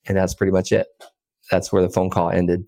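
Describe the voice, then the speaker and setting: A man in his thirties, a podcast guest, telling a story in a casual, animated way with many fillers. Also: low voice, fairly quick. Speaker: podcast guest, land investor.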